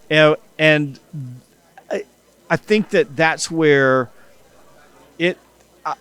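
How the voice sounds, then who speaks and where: Brief: middle-aged male guest, mid-range voice, chatty and animated, acts out quotes as he tells a story. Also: medium pitch. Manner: animated storyteller who acts out dialogue, with many restarts. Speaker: guest, sales company CEO and author. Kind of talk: casual podcast interview.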